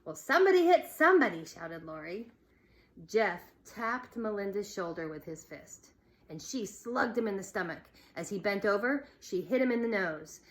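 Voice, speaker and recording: A woman teacher reading a children's novel aloud in a slow, deliberate storytelling manner. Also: medium pitch, animated. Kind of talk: read-aloud narration.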